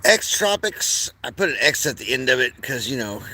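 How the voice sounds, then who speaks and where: A man's voice: medium pitch, quick pace, bright, forceful tone, breathy edge. A man hosting a livestream, rambling erratically with crude outbursts and mumbled asides. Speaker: streamer host.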